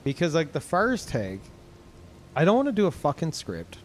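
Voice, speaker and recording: Tired, swearing streamer man, lively pitch. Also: moderate pace, slight background noise. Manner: rambling, swears a lot, many ums and restarts. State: tired, low energy. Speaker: game streamer. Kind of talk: casual rambling stream chat.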